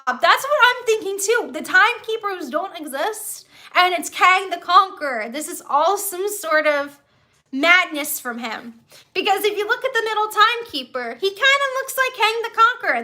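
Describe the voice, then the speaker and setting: A woman's voice: extremely high pitch, lively intonation, moderate pace, bright, forceful tone. A woman hosting a live stream from home, chatting casually and rambling, with lots of fillers and restarts. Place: at home with pet kittens.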